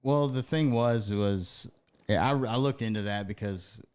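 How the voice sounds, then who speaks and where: A man with a low voice, chatting easily as a podcast co-host. He agrees often and retells movie moments in a relaxed, swearing manner. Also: a little slow, smooth. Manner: laid-back, lots of "yeah, yeah", retells scenes. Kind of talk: casual chat.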